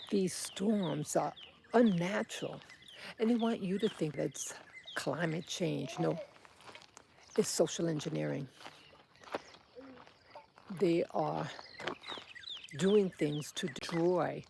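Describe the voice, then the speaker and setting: A woman with a slow, gravelly, mellow voice speaks in a halting, angry monologue full of pauses and restarts. She is outdoors, with faint birds and rural sounds behind her. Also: lowish voice, a little hiss or hum. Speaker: vlogger. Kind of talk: political monologue.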